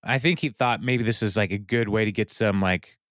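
A man's voice: on the low side, a little fast, fairly bright tone, dry recording, clean studio sound. A man co-hosting a podcast, casually recapping scenes and briefly acting out the characters' lines. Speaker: podcast co-host.

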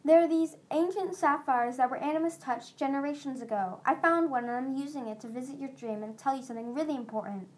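A woman's voice: sits high, a little fast, hardly any pauses, darkish tone, close to an everyday voice. Woman doing an urgent bookish young dragon. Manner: urgent, insistent, lecturing. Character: earnest anxious young male dragon, bookish. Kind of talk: storybook reading.

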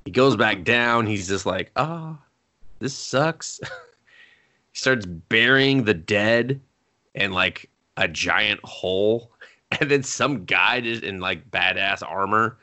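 A man's voice: on the low side, takes it slowly, bright, forceful tone. A man co-hosting a podcast, giving a sarcastic, profane, rambling recap of a show in casual chat. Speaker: podcast co-host.

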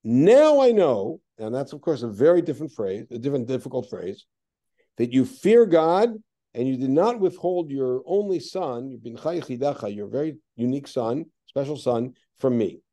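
A man leading a text study class, reading Hebrew verses aloud and then explaining them with lively, questioning remarks. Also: medium pitch, moderate pace. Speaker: teacher.

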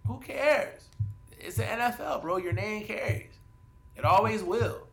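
A man talking casually in a sports debate podcast, animated and profane, hedging with fillers as he argues his picks. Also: sits high, a little slow, creaky, noisy background. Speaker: podcast co-host.

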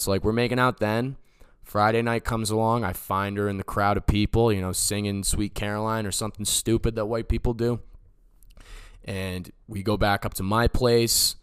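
A man's voice: fairly low pitch, smooth, no room sound, clean studio sound. Man in his twenties telling a story. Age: 20s. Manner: rambling and animated, heavy on "like" and "you know". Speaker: podcast host. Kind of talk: casual storytelling.

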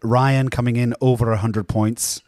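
A man's voice: mid-range voice, level tone, moderate pace, darkish tone, natural voice. A man putting on an Irish accent for a bet, playing a cheeky, foul-mouthed joker in a casual podcast chat. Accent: put-on Irish. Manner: crude, swears freely. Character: cheeky stage-Irish man, swearing and joking.

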